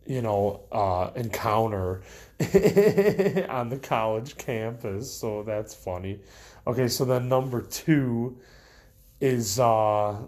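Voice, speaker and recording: A man's voice: fairly low pitch, a little mellow. Young guy rambling through stories, like and you know everywhere, trips over his words a lot. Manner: rambling, many fillers and restarts. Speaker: vlogger. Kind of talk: casual storytelling to camera.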